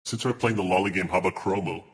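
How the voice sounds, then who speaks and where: A man's voice: low-pitched, quick pace. A man chatting casually on a live stream, ranting in exasperation and swearing as he reads his chat aloud.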